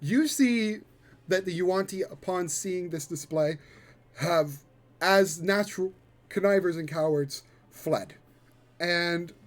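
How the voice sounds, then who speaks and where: A man running a tabletop role-playing game and narrating the scene, with fillers and the odd curse. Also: fairly high pitch. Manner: descriptive, halting with fillers and swears. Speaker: game master.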